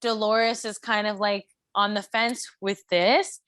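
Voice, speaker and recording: A woman's voice: mid-range voice, dry recording. A young woman co-hosting a pop culture podcast, chatting casually and chiming in to agree. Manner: relaxed, quick agreeing interjections. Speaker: podcast co-host. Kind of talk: casual chat.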